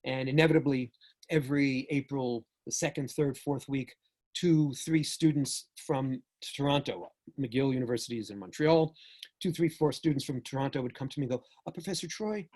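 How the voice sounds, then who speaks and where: An older man from New York with a New York accent, giving a joking, animated talk with sudden jumps in loudness. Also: mid-range voice, normal speed. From United States. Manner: animated storyteller, jokey, swings between loud and soft. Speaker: speaker. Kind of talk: lecture talk.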